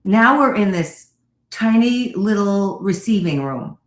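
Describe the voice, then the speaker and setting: A woman therapist telling a lively personal story as a radio guest, acting out the voices of the people she quotes. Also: mid-range voice, slow pace, echoey room. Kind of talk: animated storytelling in an interview.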